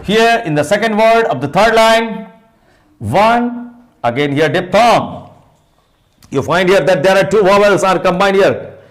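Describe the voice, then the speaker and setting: A man's voice: sits high, expressive, a little slow, pauses often. A man with an Indian English accent teaching a phonetics lesson, spelling words letter by letter, counting sounds aloud and asking and answering his own questions.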